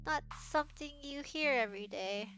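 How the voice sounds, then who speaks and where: A woman's voice: high-pitched, normal speed, a bit bright, faint music behind. A woman streamer reading all the parts of a comic fan dub, breaking into giggles often.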